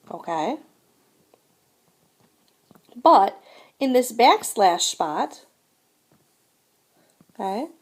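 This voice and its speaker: A woman's voice: medium pitch, darkish tone. A woman teaching French grammar in a recorded lesson, patient and repetitive, often checking in with "okay?". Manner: patient, repeats "so again" and "okay?".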